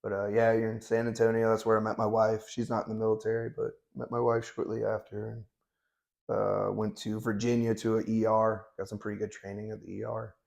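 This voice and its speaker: Low gravelly-voiced man in his thirties. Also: monotone, brisk, darkish tone. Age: 30s. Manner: blunt, profane, laid-back storytelling. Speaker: guest. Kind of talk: casual interview storytelling.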